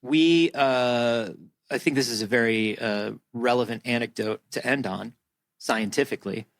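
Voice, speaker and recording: A man's voice: mid-range voice, unhurried, no room sound. A man from Florida co-hosting a comedy podcast, joking around and slipping into silly voices. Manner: jokey, breaks into silly character voices. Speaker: podcast co-host. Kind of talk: casual comedic chat.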